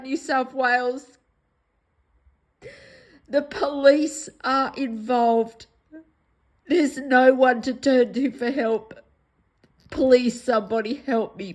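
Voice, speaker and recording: An Australian woman in a distressed personal vlog monologue, upset and pleading, repeating herself, her voice going hoarse. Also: sits high, rough recording. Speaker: vlogger.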